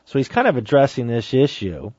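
A man's voice: mid-range voice, huge pitch swings, fairly quick, darkish tone, no room sound. A man giving an emphatic Catholic teaching talk on a saint's sermon, exhorting listeners and reading passages aloud. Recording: dry, dull lo-fi sound.

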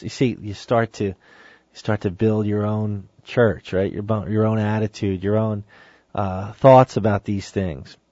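A man's voice: fairly low pitch, level tone, unhurried, dark tone, dry recording. A man giving an emphatic Catholic teaching talk on a saint's sermon, exhorting listeners and reading passages aloud. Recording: dry, dull lo-fi sound.

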